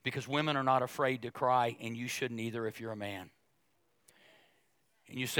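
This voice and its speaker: A middle-aged male pastor preaching a sermon, animated and jokey, acting out other people's voices as he goes. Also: mid-range voice, moderate pace, pauses often, smooth, no room sound.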